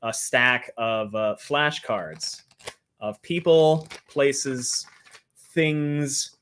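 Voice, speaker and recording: A man's voice: medium pitch, extremely slow, fairly bright tone, clear, resonant tone. A man co-hosting a podcast livestream, explaining game rules casually with many fillers and restarts. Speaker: podcast co-host.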